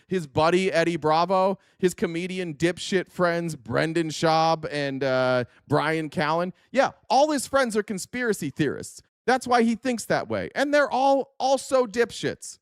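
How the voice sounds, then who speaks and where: Angry, profane and insulting, this male podcast host rants about politics while reacting to clips, swearing often. His voice sits high. The recording is dry, with clean studio sound.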